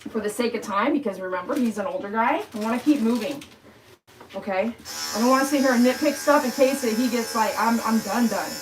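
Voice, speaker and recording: Woman groomer, a bit high-pitched, blunt and chatty, with loud clipper buzz behind her. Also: fairly quick, noisy background. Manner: chatty, blunt, talks to the dog and viewers. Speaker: dog groomer. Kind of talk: casual talk while grooming. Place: grooming room.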